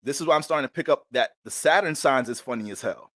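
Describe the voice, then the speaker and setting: A man chats casually on his astrology livestream. He talks in a loose, slangy, animated way, at a middling pitch. His voice sounds dry and close, with little room around it. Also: quick pace, dry recording. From Bronx, New York.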